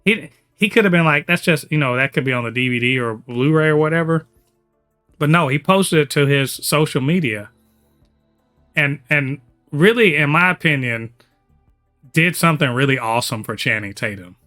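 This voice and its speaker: A man's voice: fairly high pitch, moderate pace, sharp tone, faint music behind. Upbeat man hosting a pop-culture podcast. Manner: enthusiastic, rambling with many fillers. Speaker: podcast host. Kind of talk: casual chat.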